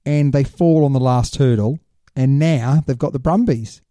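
Very dark-voiced joking Kiwi man. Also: medium pitch, moderate pace, no echo, clean studio sound. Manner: jokey, teasing banter. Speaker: podcast co-host. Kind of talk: casual sports chat.

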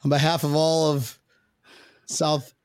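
A man hosting a loose sports podcast, talking in a fairly high voice and laughing often. His sound is dry and close, with no room around it. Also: level tone, takes it slowly, darkish tone, clear, resonant tone, no echo. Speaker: podcast host. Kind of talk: casual sports chat.

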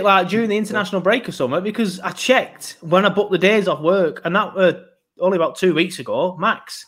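Lad hosting a football podcast, rambly, lots of ums, voice a bit on the high side. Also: male voice, brisk, a bit bright. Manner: chatty, rambling, frequent ums. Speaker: podcast host. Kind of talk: casual football podcast chat.

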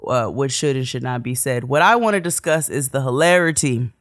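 A woman's voice: extremely low pitch, fairly quick, no room sound, studio quality. A woman co-hosting a podcast in casual chat, laughing often as she talks. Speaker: podcast co-host.

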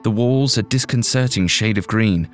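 A narrator reads a scripted audio drama in a fairly low voice, his storytelling measured and dramatic. Faint music plays behind him.

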